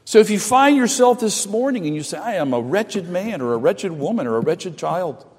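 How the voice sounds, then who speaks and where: A middle-aged man preaching a sermon, earnest, with restarts and repeated phrases, swinging between loud and soft. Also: high-pitched, breathy edge. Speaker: pastor. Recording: preaching voice with long hall reverb.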